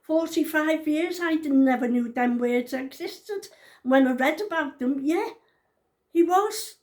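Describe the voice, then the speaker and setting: A woman's voice: sits high, measured pace, a little mellow. A woman in her sixties telling her story to camera in a casual vlog. She is blunt and outspoken, swears freely and repeats her points for emphasis. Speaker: vlogger.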